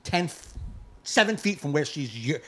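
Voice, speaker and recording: A man co-hosting a live podcast, ranting in casual chat, profane and fired up, with bursts of yelling. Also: fairly high pitch, animated, moderate pace. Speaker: podcast co-host.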